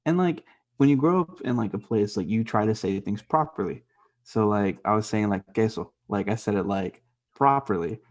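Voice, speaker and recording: A young man who grew up half Mexican in the US co-hosts a casual podcast, his lowish voice animated but moderately paced. He's a rambling storyteller who laughs a lot and swears freely.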